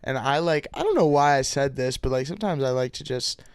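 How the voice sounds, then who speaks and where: Young guy on a podcast rambling through a story, smooth voice, dry close mic. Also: medium pitch, animated, a little fast, no room sound. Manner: rambling, full of likes. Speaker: podcast co-host. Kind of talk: casual chat.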